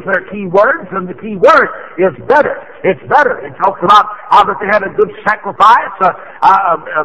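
An older evangelist preaches with fervor, his high, bright voice climbing into shouts, often pausing on an "uh". The sound is dull and lo-fi, like an old tape. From Tennessee. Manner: fervent, breaks into shouts, many "uh" fillers. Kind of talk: revival sermon.

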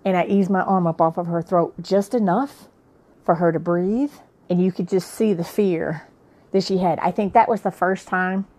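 A woman's voice: fairly low pitch, steady tone, moderate pace, a little mellow. A woman and author telling her own life story in a frank, plain-spoken, conversational way. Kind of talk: candid personal storytelling.

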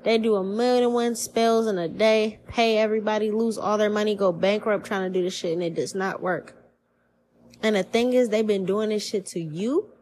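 A woman's voice: mid-range voice, slight background noise, poor audio. Profane, slangy woman giving a spiritual reading. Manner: profane, slangy, animated storytelling with put-on quoted voices. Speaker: tarot reader. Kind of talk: casual spiritual reading podcast.

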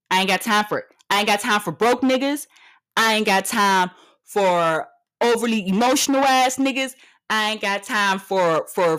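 A woman's voice: medium pitch, fairly bright tone. Brash, profane woman ranting in her thirties. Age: 30s. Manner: brash, profane and emphatic, repeating lines for punch; blunt and confrontational. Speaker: podcast host. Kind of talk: comedic rant monologue.

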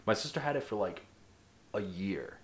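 A man's voice: on the low side, expressive, moderate pace. A young man co-hosting a podcast, laid-back and laughing often, swearing freely in casual chat. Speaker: podcast co-host.

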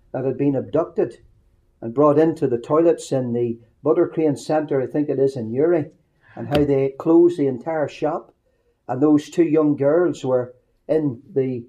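A middle-aged man with a Northern Irish accent, preaching through humorous personal anecdotes with quick asides. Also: fairly high pitch, mellow. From Northern Ireland. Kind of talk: storytelling sermon.

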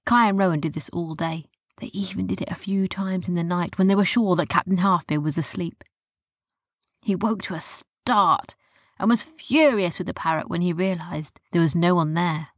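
A woman narrating a children's story softly, often dropping to a whisper. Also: fairly low pitch, moderate pace, no room sound, clean studio sound.

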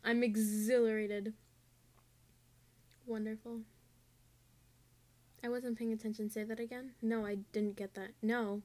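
A woman's voice: on the high side, flat delivery, moderate pace, long pauses, warm tone. A teenage girl in a casual vlog, ranting in an exasperated, sarcastic way about her online class. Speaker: student vlogger.

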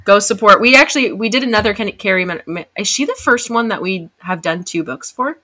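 A young woman co-hosting a podcast, telling a story in an animated, excitable way. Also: medium pitch, fairly quick. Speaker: podcast co-host. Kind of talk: casual chat.

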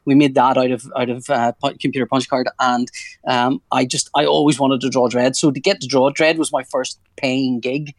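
In a mid-range voice with little pitch movement and normal speed, a comic artist in his forties talks casually in an interview, with no echo on the recording. He wanders, restarts his sentences, and leans jokey.

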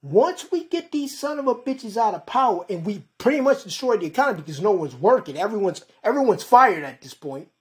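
A woman's voice: medium pitch, very animated, fairly quick, few pauses. A woman podcast host delivering a heated, profane monologue and calling her listeners "folks". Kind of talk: ranting monologue.

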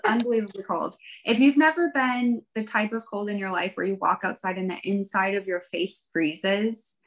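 A woman's voice: mid-range voice, normal speed, hardly any pauses, poor audio. A woman guest in a casual interview, telling her story in a rambling, chatty way with light laughs. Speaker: guest, fiber arts professional.

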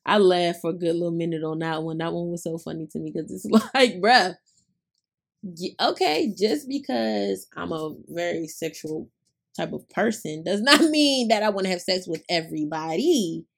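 A woman's voice: on the low side, normal speed, gravelly. A young adult woman, hosting a podcast and retelling a story in casual chat, laughing often. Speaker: podcast host.

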